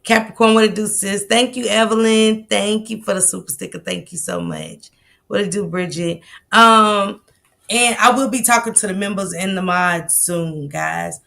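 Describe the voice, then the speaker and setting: A woman hosting a casual livestream, greeting viewers by name in relaxed, slangy banter. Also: medium pitch, moderate pace, gravelly. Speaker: livestream host.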